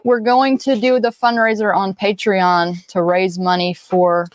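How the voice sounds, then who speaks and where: A woman's voice: mid-range voice, flat delivery, unhurried, dry recording. A woman co-hosting a casual livestream, reading out viewers' questions and chatting in an upbeat way. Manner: relays chat questions, upbeat, laughs easily. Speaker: co-host reading viewer chat.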